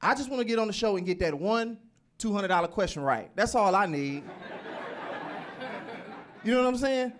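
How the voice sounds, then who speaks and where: A man's voice: sits high, lively intonation, moderate pace, pauses often. A male stand-up comedian with a chatty, streetwise delivery, acting out both sides of a conversation. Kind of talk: stand-up set.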